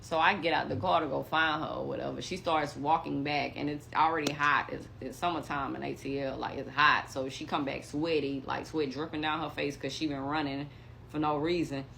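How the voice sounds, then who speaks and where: A young woman telling a story in casual chat, animated and acting out what others said. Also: sits low, fairly quick, creaky, a little hiss or hum. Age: young adult.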